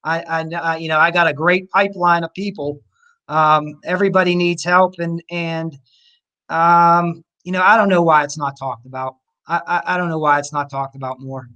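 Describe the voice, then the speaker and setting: A man's voice: a little high, fairly even intonation, normal speed, pushed and bright, muffled recording. A man, a personal trainer, answering interview questions in a rambling, coach-like way. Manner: rambling, full of fillers and restarts, coach-like encouragement.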